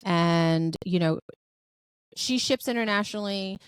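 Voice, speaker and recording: A woman's voice: mid-range voice, unhurried, clear, resonant tone, no echo. Chatty, effusive woman podcast host. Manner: chatty and effusive, with many "like" and "um" fillers; lively storyteller who acts out quoted dialogue. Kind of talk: casual podcast chat.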